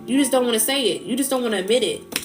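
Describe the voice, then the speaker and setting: A woman's voice: a little high, racing, music in the background. A woman speaking in on a casual livestream, preaching about emotions in an impassioned way and repeating her phrases. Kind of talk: casual live-stream talk.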